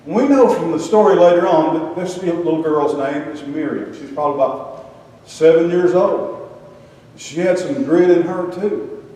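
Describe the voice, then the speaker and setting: Older man, folksy preacher, humorous storytelling, mellow tone, distant mic, echoey hall. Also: sits high. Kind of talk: folksy sermon with slides.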